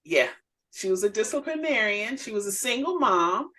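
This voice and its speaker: A woman's voice: medium pitch, moderate pace. A woman minister co-hosting a casual chat, telling family stories and acting out the voices of people she quotes. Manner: animated storyteller who acts out quoted voices. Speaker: minister and podcast co-host.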